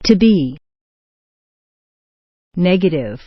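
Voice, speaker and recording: An American woman teaching pronunciation, reading short example words and phrases with slow, exaggerated clarity. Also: fairly low pitch, very animated, husky, dry recording, lo-fi sound. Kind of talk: scripted pronunciation lesson.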